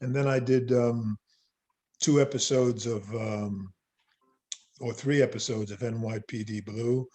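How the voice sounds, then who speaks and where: An older man, a working actor, chatting casually in an interview, relaxed and self-deprecating, laughing often. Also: mid-range voice, a little slow. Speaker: actor guest.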